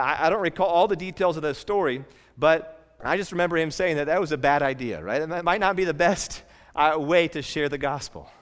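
A man's voice: on the high side, fairly bright tone, smooth, big-room sound. A man preaching a sermon as pastor, earnest and conversational, often repeating words as he restarts a thought.

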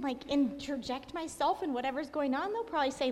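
A woman guest telling a personal story in an animated way, acting out what people said. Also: high-pitched, a little fast, hardly any pauses. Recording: long hall reverb.

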